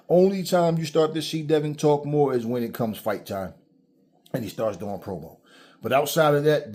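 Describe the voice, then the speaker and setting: A man's voice: a little high, a little mellow. A man giving a blunt, profane commentary rant straight to his own camera, preaching at his viewers. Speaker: commentary vlogger. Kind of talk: casual ranting commentary.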